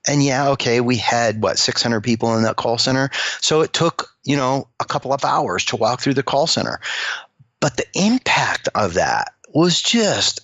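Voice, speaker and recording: Guy telling stories, acts out the quotes, kinda muffled lo-fi audio, mid pitch. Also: moderate pace, no room sound. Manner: animated storyteller who acts out quoted dialogue. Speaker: CEO and guest. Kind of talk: storytelling interview talk. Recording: dull dry lo-fi audio.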